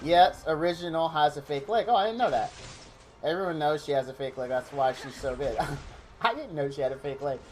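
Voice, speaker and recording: Give your excitable streamer commentary to chat, with faint game music behind. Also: male voice, fairly high pitch, fairly quick. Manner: excitable, rambling, thanks chatters by name. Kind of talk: live game stream, chatting with viewers.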